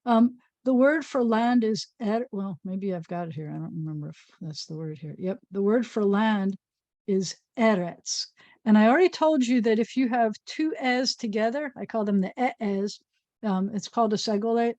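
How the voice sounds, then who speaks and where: A woman's voice: mid-range voice, lively intonation, mellow, no echo. Patient woman rabbi teaching Hebrew letters. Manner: patient, playful teacher sounding out letters slowly. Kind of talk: informal recorded lesson.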